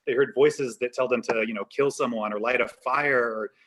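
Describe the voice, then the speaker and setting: A man's voice: mid-range voice, fairly even intonation, normal speed, a bit bright. A man doing a stand-up comedy set over a video call, rambling and self-deprecating, with a lot of "like" fillers. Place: home set-up on a live stream.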